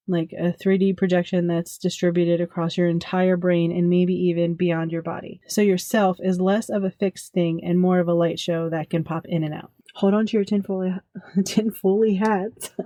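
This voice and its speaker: A woman's voice: on the low side, warm tone, no echo. A woman hosting a podcast in a casual monologue, chatty and giggly, full of jokey self-deprecating asides. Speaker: podcast host.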